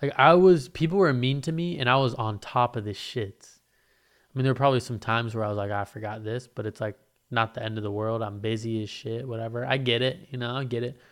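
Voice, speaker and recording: A man's voice: mid-range voice, brisk. A young man telling a casual storytime rant, profane and sarcastic, acting out the people in it.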